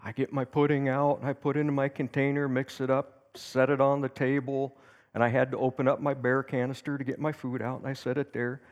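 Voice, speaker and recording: A man's voice: medium pitch, brisk, in a large hall, highs cut off. Folksy man telling a story in church. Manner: anecdotal, folksy, with lively acted quotes. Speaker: teacher in a church service. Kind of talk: storytelling sermon teaching. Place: church sanctuary.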